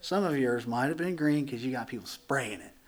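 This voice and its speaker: A man's voice: mid-range voice, a little fast. A man preaching as a pastor in a church, teaching through a Bible passage in a conversational way, acting out voices and joking with the congregation. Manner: animated, acts out dialogue, jokes with the congregation.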